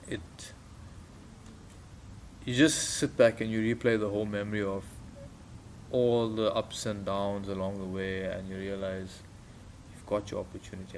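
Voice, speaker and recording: On a podcast, a man in his thirties with a South African accent shares casual stories, animatedly performing quoted voices amid laughter. He talks at normal speed in a lowish voice, pausing often, with slight hiss or hum.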